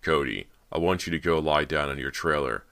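A man voicing a stern but gentle male film director in an audiobook, speaking in a low, soothing, firm way. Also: fairly quick, gravelly, clear, resonant tone, heavily acted.

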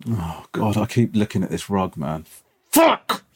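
A man's voice: low-pitched, normal speed, a little mellow, breathy edge. A man in casual podcast chat, dry and incredulous, teasing his friend. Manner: dry, incredulous, self-deprecating.

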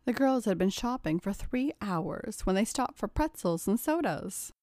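A woman's voice: mid-range voice, expressive, measured pace, a little mellow, no room sound. Woman reading a story, dry close sound. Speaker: narrator.

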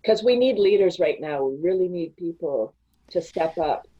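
A woman guest on a podcast, chatting casually and telling animated stories, often breaking into laughter. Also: lowish voice, normal speed, husky, dull audio. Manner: animated storytelling with frequent laughs. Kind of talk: casual interview chat.

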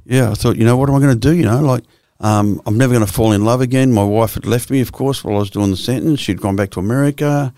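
A man's voice: mid-range voice, quick pace, hardly any pauses, dark tone, no room sound, clean studio sound. A man in his sixties with an Australian accent, a guest telling his life story bluntly and profanely, full of restarts. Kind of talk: candid storytelling interview.

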